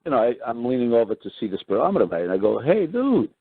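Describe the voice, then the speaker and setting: A man casually telling a story, acting out what others said in a higher voice and often adding "right?" and clearing his throat. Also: rapid-fire, no room sound. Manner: animated retelling, acts out quoted voices higher, keeps adding "right?". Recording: dry tinny phone-line sound.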